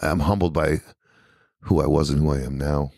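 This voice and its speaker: A man with a New York accent telling his recovery story as a podcast guest, animated and peppered with "you know what I mean". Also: extremely low pitch, normal speed, vocal fry, no room sound, clean studio sound.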